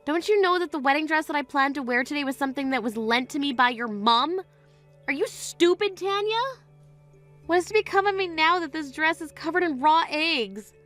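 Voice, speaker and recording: A woman's voice: high-pitched, expressive, a little fast, fairly bright tone, faint music behind. A woman voicing a young bride in a text-message story, firm and indignant toward her sister-in-law. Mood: upset.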